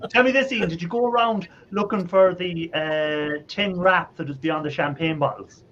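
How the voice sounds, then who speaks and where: A man's voice: high-pitched, normal speed, a bit bright, muffled recording. An Irish man hosting a casual live chat, teasing his guest and laughing often. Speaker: host.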